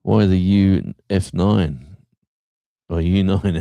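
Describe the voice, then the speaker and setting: A man's voice: low voice, slow pace, creaky, dark tone, no echo. A middle-aged man hosting a livestream, chatting casually and rambling with lots of fillers. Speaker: livestream host.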